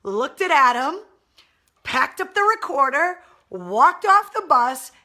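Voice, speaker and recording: A woman's voice: high voice, very animated, slow, pushed and bright. A woman radio host telling a story in casual, blunt and profane style on a live stream.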